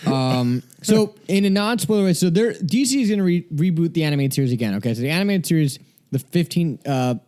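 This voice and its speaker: A man with a slightly high voice co-hosts a casual comics chat. He rambles, curses freely and often leaves sentences unfinished. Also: lively intonation, quick pace, warm tone. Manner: rambling, swears often, trails off mid-sentence. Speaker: podcast co-host.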